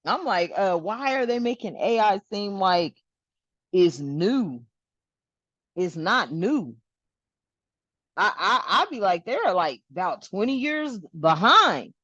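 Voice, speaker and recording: A woman hosting a spiritual channel, talking casually to her viewers in an animated, rambling way and swearing freely. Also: mid-range voice, slow pace, pauses often, dry recording, highs cut off.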